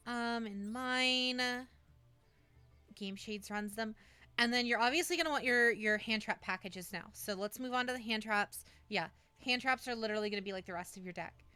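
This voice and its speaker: Bright, crisp-voiced woman streamer. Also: a little high, moderate pace, dry recording, soft background music. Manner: coaching a friend through deck building, many fillers and restarts. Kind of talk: casual livestream chat.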